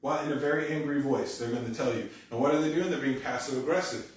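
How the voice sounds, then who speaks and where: Animated male pastor preaching in echoey hall. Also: mid-range voice, quick pace, distant mic. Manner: conversational, animated, acts out quoted dialogue. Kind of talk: sermon. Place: church sanctuary. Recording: echoey church hall, speaker away from mic.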